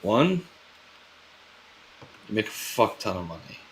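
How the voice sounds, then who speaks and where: A man with a somewhat low voice talks through a sci-fi role-play as a crew leader. He muses out loud in a loose, casual way and swears freely, with faint noise in the background. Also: lively intonation, slow, rough recording. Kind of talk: in-character role-play chat.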